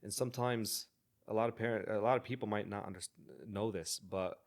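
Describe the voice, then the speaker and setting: A man's voice: on the low side, a little fast. A man hosting a podcast, talking earnestly in a casual interview, often restarting and repeating words. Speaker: podcast host.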